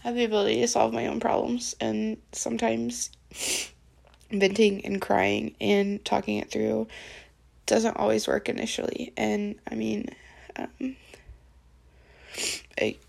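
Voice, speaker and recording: A tearful woman venting in a personal diary vlog, halting and dropping into near-whispers. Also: on the high side, little pitch movement, vocal fry, darkish tone. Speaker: diary vlogger.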